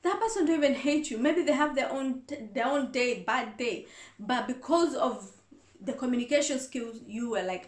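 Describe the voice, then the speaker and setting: A woman's voice: high-pitched, moderate pace. A woman reverend answering viewer questions in a casual advice talk, earnest and repeating her points for emphasis. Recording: echoey room.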